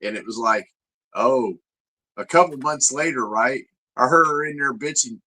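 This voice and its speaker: Bright-voiced man swapping profane stories. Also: medium pitch, moderate pace, poor audio. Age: father of grown kids. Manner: laid-back, profane, laughing storyteller. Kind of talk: casual storytelling chat.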